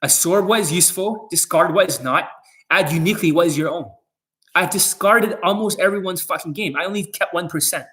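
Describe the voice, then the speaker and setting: A dating coach, a man, delivers a boastful, profane monologue straight to his viewers. His voice sits a little high for a man, and he talks bluntly, with no softening. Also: a little fast. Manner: blunt, boastful, heavy swearing.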